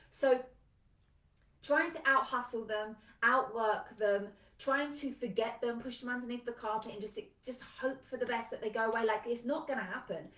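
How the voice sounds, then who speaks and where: Lady business coach, chatty and pumped up, kinda high voice, roomy echo. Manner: energetic, emphatic, conversational with lots of "like". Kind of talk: live motivational talk. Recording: echoey room, a bit far from mic.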